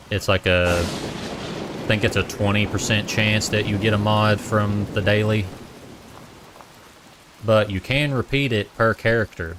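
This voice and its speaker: A man's voice: lowish voice, fairly bright tone, a little hiss or hum. A man with a Boston accent streaming a game, chatting casually and thinking aloud. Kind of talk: casual gameplay commentary.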